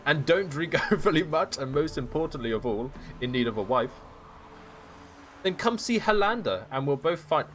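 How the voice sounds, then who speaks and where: A man's voice: fairly high pitch, very animated, normal speed, slight background noise. A man reading a notice aloud as a lonely village woman begging for a husband, pleading and overdramatic. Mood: desperate.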